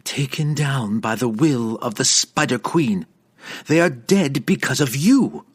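A man voicing a cruel, vengeful dark elf priestess, cackling and snarling in slow, accusing lines, in an audiobook. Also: mid-range voice, wildly swooping pitch, breathy edge, voice pushed up, full character voice. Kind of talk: audiobook character voice.

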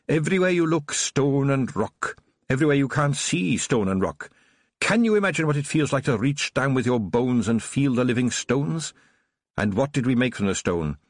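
A man's voice: mid-range voice, dry recording, studio quality, pitched above the performer's own voice, close to an everyday voice. A man voicing a sinister, honeyed old witch who runs a shop, gleeful and menacing. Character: sinister sugary old woman witch shopkeeper. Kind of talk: audiobook character voice.

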